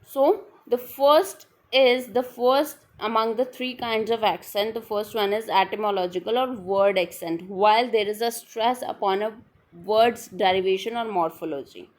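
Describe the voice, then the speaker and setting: A woman's voice: mid-range voice, moderate pace. A woman teaches a literature lesson. She circles back over each definition, restating it and filling gaps with "all right then" and "uh". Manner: repetitive, restating definitions with frequent fillers. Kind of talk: explanatory lecture.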